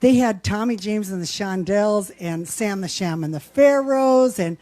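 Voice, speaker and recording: A woman's voice: medium pitch, a little slow, dark tone. A woman from Wisconsin hosting a live home concert stream, chatting casually and enthusiastically between songs. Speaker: singer and show host. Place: home, indoors.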